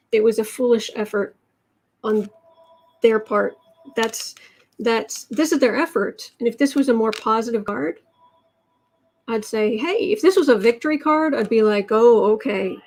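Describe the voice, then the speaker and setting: A woman hosting a live tarot reading, musing aloud over the cards and answering chat in halting, drawn-out phrases. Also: on the high side, a little mellow, slight background noise. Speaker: tarot reader and channel host.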